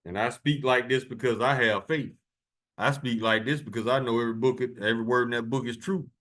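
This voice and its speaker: A man's voice: mid-range voice, fairly even intonation, brisk, fairly bright tone. A man preaching fiery sermons, reading verses aloud in solemn tones and then taunting his enemies with profanity.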